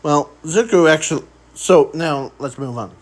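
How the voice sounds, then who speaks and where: A man improvising a fan story aloud in a rambling, halting way, often trailing off. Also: fairly high pitch, low-quality recording.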